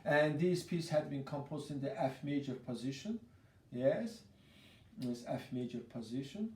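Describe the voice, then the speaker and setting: Slow, patient piano teacher in an echoey room. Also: male voice, medium pitch, expressive, darkish tone. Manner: patient, repetitive explaining with counting aloud. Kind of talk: piano lesson. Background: piano playing.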